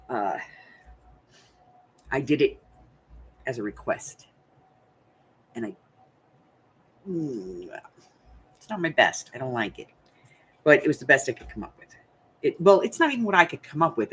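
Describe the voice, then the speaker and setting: A woman's voice: very deep voice, fairly bright tone, slight background noise. An older woman from the United States hosting a crafting channel, chatting casually and rambling to her viewers while she thinks aloud.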